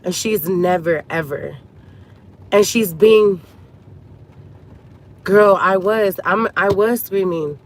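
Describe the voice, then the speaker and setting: A woman's voice: on the low side, takes it slowly, long pauses, a little hiss or hum. Upset woman venting in a vlog. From Cuban family. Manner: venting, talks to viewers as girlfriends. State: upset and near tears. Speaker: vlogger. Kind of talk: emotional storytime vlog.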